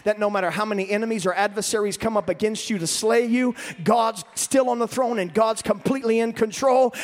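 A man's voice: sits high, steady tone, brisk, few pauses. A man preaching a sermon with an impassioned, cadenced delivery. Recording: long reverb of a large hall.

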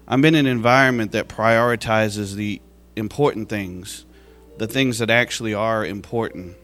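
A man's voice: lowish voice, fairly even intonation, moderate pace, fairly bright tone, soft background music. A man giving an emotional church testimony, heartfelt and at times tearful, laughing at his own past.

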